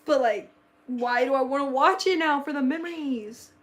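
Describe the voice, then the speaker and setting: A teenage girl chatting casually on a live stream, excitable and nostalgic, gasping often and saying "like" a lot. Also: sits high, moderate pace. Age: teen, about to turn sixteen. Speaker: livestreamer.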